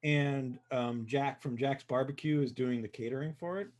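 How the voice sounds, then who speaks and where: A man's voice: medium pitch, fairly even intonation, moderate pace, darkish tone. A man co-hosting a live brewing stream, chatting casually and agreeably in short replies. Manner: easygoing, agreeable, brief replies. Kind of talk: casual chat.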